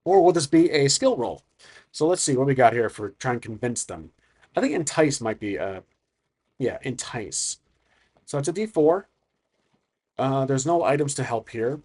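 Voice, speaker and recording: A man's voice: mid-range voice, big pitch swings, normal speed, long pauses, darkish tone. A man narrating a solo tabletop game, thinking aloud and hesitant, with frequent restarts.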